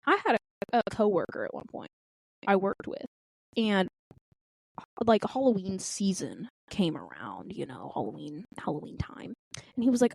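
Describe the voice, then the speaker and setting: Animated young woman telling a story. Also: medium pitch, normal speed, creaky, dry recording. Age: 20s. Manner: intense, dramatic storytelling with acted-out quotes. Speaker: podcast co-host. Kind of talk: casual chat.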